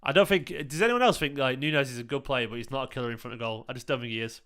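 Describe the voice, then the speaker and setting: Casting note: man, live-stream host, tired but effusive, bright crisp voice, casual swearing. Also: medium pitch, very fast. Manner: effusive, swears freely, thanks viewers by name. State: tired and emotional. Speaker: streamer hosting a football watchalong.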